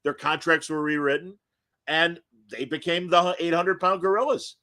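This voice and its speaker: This podcast host is a man with a slightly high voice and a moderate pace. He chats casually and reminisces, telling stories in an animated way, laughing often and acting out quotes.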